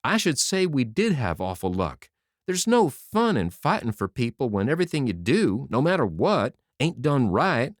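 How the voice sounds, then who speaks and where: A man's voice: medium pitch, very animated, normal speed, no echo, studio quality, voice pushed up, close to an everyday voice. A man voicing an aggrieved, hot-tempered young male soldier who speaks in folksy slang. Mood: indignant.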